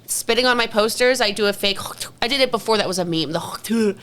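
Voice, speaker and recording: A young adult woman co-hosting a podcast, telling animated stories in casual chat and swearing freely. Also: medium pitch, brisk. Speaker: podcast co-host.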